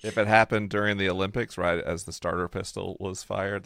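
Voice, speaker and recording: Deep-voiced playful man in casual chat. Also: brisk, vocal fry, no room sound, clean studio sound. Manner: playful, punning, animated storyteller. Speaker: co-host.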